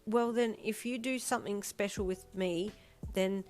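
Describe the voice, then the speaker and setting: A woman's voice: mid-range voice, fairly even intonation, moderate pace, darkish tone, faint music behind, pitched above the performer's own voice, close to an everyday voice. A woman voicing a jealous, sulky four-year-old boy who talks bluntly with a pout. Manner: blunt, pouting.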